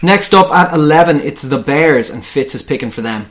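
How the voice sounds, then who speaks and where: A man's voice: a little high, lively intonation, moderate pace, fairly bright tone. Laid-back man hosting a podcast. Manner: laid-back, laughs often, swears casually. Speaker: podcast host running a mock draft. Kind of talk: casual joking chat.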